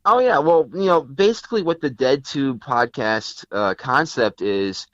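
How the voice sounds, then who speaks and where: Guesting on a podcast, a Connecticut man chats casually in an interview, his talk wandering through many fillers and restarts. He has a medium-pitched, fairly bright voice at a measured pace, and the recording is dry yet dull and lo-fi.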